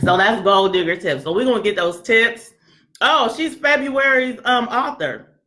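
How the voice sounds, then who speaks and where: A woman hosting a book club, chatting casually and loudly, joking and acting out what people say. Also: fairly high pitch, lively intonation, a little slow. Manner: chatty, joking, acts out quoted voices; laughs often, talks loud. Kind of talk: casual chat presenting a website.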